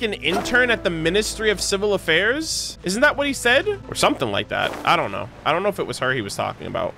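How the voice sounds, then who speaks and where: A young man streaming a game playthrough, excitable and swearing, swinging between scared and amused. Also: high-pitched. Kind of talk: casual game playthrough commentary.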